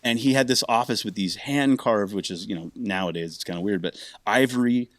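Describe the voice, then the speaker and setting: A middle-aged man, a bassist and podcast guest, telling stories in a casual, animated way. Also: brisk, no echo. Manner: animated, acts out other people's lines. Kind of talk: casual storytelling.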